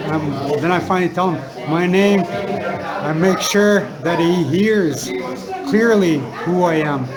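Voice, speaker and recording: A middle-aged man telling a personal story to listeners, halting and repetitive, circling back on his words with many fillers. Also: a little high, low-quality recording. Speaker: speaker sharing a personal story. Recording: crowd noise audible behind.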